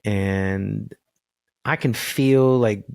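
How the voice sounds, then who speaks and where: A middle-aged man, a voice coach, talking earnestly and with spiritual warmth in a podcast conversation over a video call. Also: lowish voice, drawn-out words, gravelly, clean tone, no echo.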